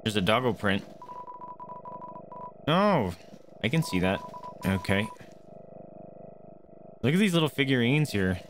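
A man running a casual let's-play, talking to himself and his viewers in a lively, up-and-down voice of middle pitch. Game music sits faintly behind his chatter. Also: a little slow, pauses often. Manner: chatty, reacting aloud to the game. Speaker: gaming streamer.

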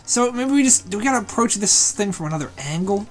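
A woman's voice: mid-range voice, lively intonation, fast, soft background music. A woman co-hosting a game playthrough, trading jokes in wry, casual commentary. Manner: wry, jokey running commentary. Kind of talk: casual gameplay chat.

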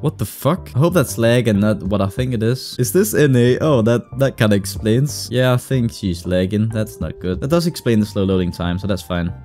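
A man commentating his own online game play, excitable, swearing and breaking into sudden loud outbursts. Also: fairly low pitch, normal speed, hardly any pauses, faint music behind. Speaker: gaming YouTuber. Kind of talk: live gameplay commentary.

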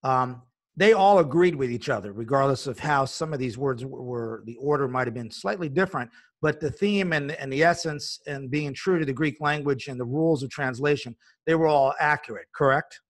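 A man's voice: medium pitch, a little fast. A man hosting a religious discussion, asking earnest, probing questions. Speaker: host.

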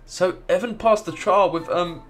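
A young man commentating on his own gameplay with jokey, sweary, animated reactions. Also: high-pitched, moderate pace, soft background music. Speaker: gaming video creator. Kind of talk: let's play commentary.

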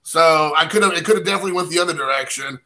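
A middle-aged man from the United States hosting a card-opening livestream, chatting in a rambling, excitable way and calling out to viewers. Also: a little high, racing, poor audio. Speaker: card-breaking livestream host. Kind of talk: casual livestream chat while opening cards.

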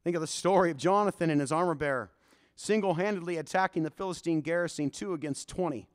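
A male pastor preaching in a church, telling Bible stories with animated, folksy energy. His voice sits notably high for a man. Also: fast talker. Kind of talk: sermon.

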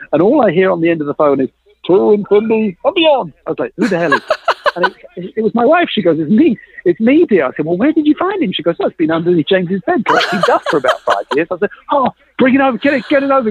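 A middle-aged man telling a story as a guest on a podcast. His pitch sits a bit high and leaps around as he acts out each quoted line with jokey, self-mocking flair. The sound is dry and thin, like a phone call, with a slightly husky edge. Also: dry recording. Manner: lively storyteller acting out quoted dialogue. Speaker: guest, innovation consultant. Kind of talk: animated anecdote telling in a podcast interview.

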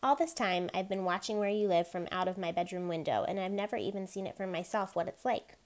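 A woman's voice: mid-range voice, fast talker, darkish tone, close to an everyday voice. A woman reading a novel aloud, voicing a curious, friendly young boy in a slightly raised voice. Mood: eager.

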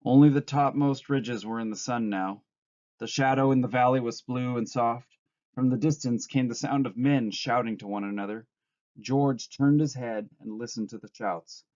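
A male teacher reads a novel aloud in a calm, measured voice that is mellow and warm. The recording is dull and lo-fi. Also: mid-range voice.

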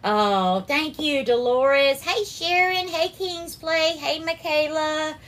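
A woman hosting a live cooking stream, warmly greeting viewers by name and calling them darling and sweetheart. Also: high voice, takes it slowly. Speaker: cooking livestream host.

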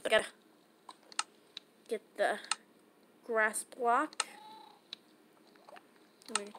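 Her voice sits a little high, with fairly even intonation and an extremely slow pace. She's a gaming channel host giving casual gameplay commentary, chatty and rambling as she talks to herself. There's loud background noise.

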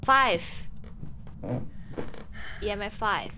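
Girl streaming a game, drawls her words, bouncy pitch, kinda noisy. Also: expressive. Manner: drawn-out, playful, unsure of some words. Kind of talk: casual chat while gaming.

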